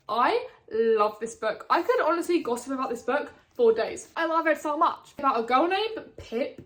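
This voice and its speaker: A young woman chatting through a casual book review vlog, gushing and swearing freely. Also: on the high side. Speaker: book vlogger.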